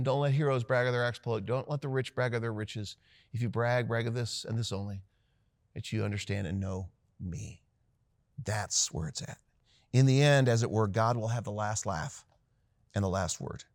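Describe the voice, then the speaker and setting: A man preaching a sermon in an animated way, acting out quoted lines with sudden high, loud bursts. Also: no room sound, clean studio sound. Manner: animated, voices quoted lines with big pitch jumps. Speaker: pastor.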